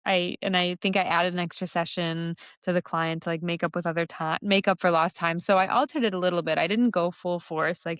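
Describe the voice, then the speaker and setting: A woman's voice: on the low side, moderate pace, no room sound, clean studio sound. A young adult woman hosting a solo podcast, talking candidly about her coaching work in a loose, conversational way with lots of fillers. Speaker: podcast host and somatic embodiment coach. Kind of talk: reflective solo podcast monologue.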